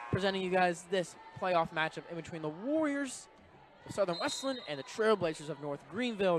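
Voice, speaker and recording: A young man giving brisk, conversational play-by-play commentary of a live volleyball match from inside a college gym. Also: on the high side. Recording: noisy gym broadcast audio. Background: gym noise with bouncing balls.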